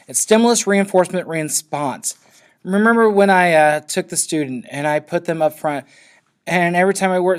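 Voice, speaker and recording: Male teacher giving a loose classroom lecture. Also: high-pitched. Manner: loose, checks in with frequent "okay?".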